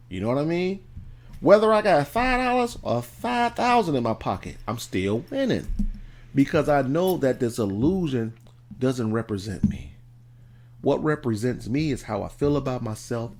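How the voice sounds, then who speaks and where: A man's voice: medium pitch, a little mellow. A man giving a motivational talk to camera, emphatic and repetitive, with a preacher-like cadence. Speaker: motivational video host.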